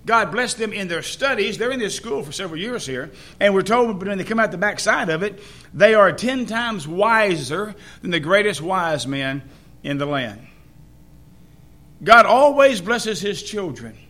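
A man's voice: sits high, bright, forceful tone. A man preaching a sermon in a folksy way, asking the congregation questions.

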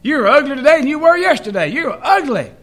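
A cheeky macaw parrot with a high, squawking voice, as a preacher puts it on. It jeers at a customer in a shrill, bright screech. It is a talking bird from a pulpit joke. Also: male voice, very animated, a little fast, exaggerated voice. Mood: jeering. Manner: squawking, jeering.

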